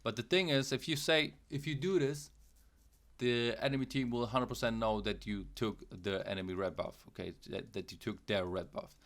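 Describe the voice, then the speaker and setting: A man's voice: medium pitch, moderate pace. A young man hosting a casual game tutorial, repeating himself, checking in with "okay" and "guys", and now and then making playful mouth sound effects. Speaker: gaming channel host.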